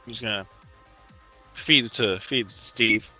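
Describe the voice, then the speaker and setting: A man's voice: on the low side, unhurried, bright, forceful tone, soft background music. A man running a tabletop role-playing game as game master, narrating and teasing the players.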